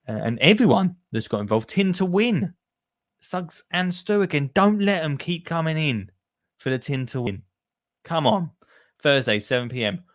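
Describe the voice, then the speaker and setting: A man hosts a gardening podcast in a loose, jokey way. He rambles with plenty of ums and uhs at a mid pitch, friendly and chatty. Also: dry recording, clean studio sound. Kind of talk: casual chat.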